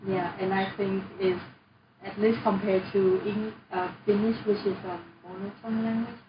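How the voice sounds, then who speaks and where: A woman's voice: medium pitch, level tone, recorded from a distance. Brief: young Vietnamese-accented woman, language tutor, encouraging and patient; dull, echoey video-call audio. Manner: patient, encouraging, models words slowly. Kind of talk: online language lesson. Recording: roomy, dull audio with noise.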